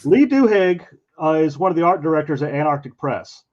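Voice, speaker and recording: A man, a comic artist, talks fairly quickly in a slightly high voice, sharing a convention story in casual chat as he draws. Animated throughout, he acts out the voices of those in the story. The sound is dull, lo-fi stream audio.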